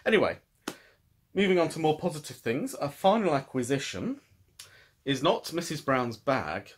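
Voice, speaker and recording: A man's voice: fairly high pitch, big pitch swings, moderate pace, breathy edge. A British man hosting a knitting podcast, talking in a thoughtful, rambling way with frequent restarts. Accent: British English. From United Kingdom. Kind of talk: casual chat.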